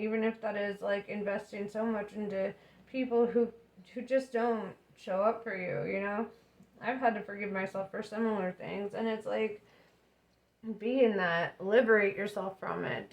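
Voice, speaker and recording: Young woman chatting through a tarot reading, lots of um and you know, laughs a lot, mid pitch. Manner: chatty, many fillers, laughs often. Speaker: tarot reader.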